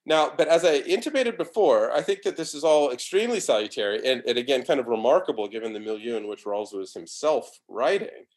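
A man's voice: mid-range voice, animated, fairly quick, few pauses. A middle-aged man giving an academic philosophy lecture, talking in a discursive way full of restarts and fillers.

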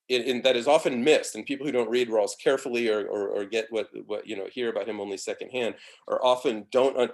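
A middle-aged man giving an academic philosophy lecture, talking in a discursive way full of restarts and fillers. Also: medium pitch.

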